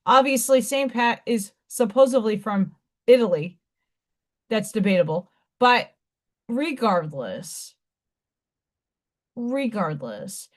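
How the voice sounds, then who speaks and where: A middle-aged woman hosting a casual livestream, chatting in a rambling way and greeting viewers by name. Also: fairly high pitch. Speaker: livestream host. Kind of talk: casual live chat with viewers.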